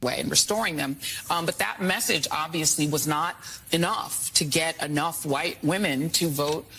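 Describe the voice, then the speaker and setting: Woman, political guest, measured commentary, husky, gravelly. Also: low voice, pushed and bright, rough recording. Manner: hesitant, with filler pauses.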